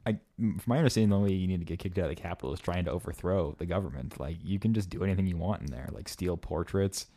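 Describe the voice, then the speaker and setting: A man's voice: deep voice, racing, hardly any pauses, warm tone. A man co-hosting a podcast in a laid-back way, prompting his partner with questions and plenty of fillers. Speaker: podcast co-host. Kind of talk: casual podcast chat.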